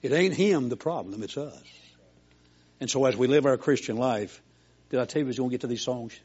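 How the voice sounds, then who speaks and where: A man's voice: medium pitch, a little fast, a little mellow, breathy edge, dull audio. An older man preaching a sermon in a folksy, homespun storytelling way, as a preacher.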